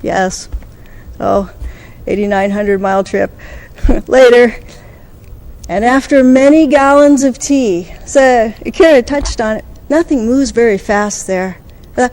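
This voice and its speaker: A woman giving a conference talk, telling a story and acting out the quoted dialogue with lively energy. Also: fairly high pitch, takes it slowly, pauses often. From United States. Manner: animated, acts out quoted dialogue. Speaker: conference speaker.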